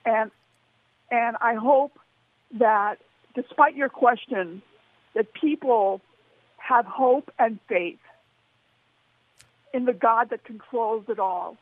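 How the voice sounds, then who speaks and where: A woman's voice: on the high side, takes it slowly, pauses often, no echo. A woman calling in to a radio show over the phone, insistent and repeating her phrases. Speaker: radio caller. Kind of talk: phone-in call. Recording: phone line.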